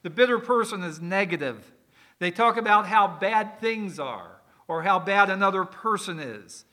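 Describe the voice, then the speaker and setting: A man's voice: high voice, animated, moderate pace, bright, forceful tone. A man preaching a sermon, explaining words in a conversational way with folksy asides. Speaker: pastor.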